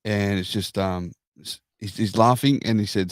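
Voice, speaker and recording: A man's voice: fairly low pitch, normal speed, dry recording, studio quality. A man co-hosting a podcast in rambling, easygoing chat. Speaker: podcast co-host. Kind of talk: casual chat.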